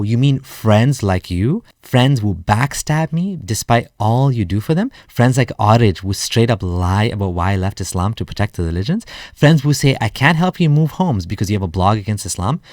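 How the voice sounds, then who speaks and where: A man's voice: medium pitch, darkish tone, no echo, clean studio sound. A man delivering a sarcastic, point-by-point rebuttal in a scripted video monologue. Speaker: ex-Muslim YouTuber. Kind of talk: argumentative response monologue.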